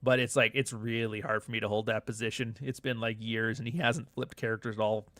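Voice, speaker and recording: A man's voice: fairly low pitch, little pitch movement, brisk, bright, forceful tone, no room sound. A middle-aged man hosting a live show, chatting casually with viewers and reading their comments in a loose, profane, joking way. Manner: loose, profane, joking banter with frequent asides.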